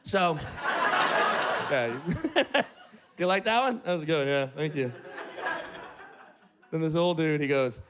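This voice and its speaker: A man doing a profane, animated stand-up set in an apartment. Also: on the high side, slow pace, long pauses, a little hiss or hum. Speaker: stand-up comedian. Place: apartment with live audience. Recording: live apartment crowd. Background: small audience laughing.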